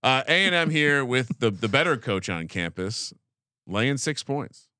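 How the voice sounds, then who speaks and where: Guy cohosting a betting pod, super lively voice, jokey, cusses a lot. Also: mid-range voice, measured pace, dry recording, studio quality. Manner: animated, joking, swears freely. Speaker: podcast co-host. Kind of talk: casual sports betting chat.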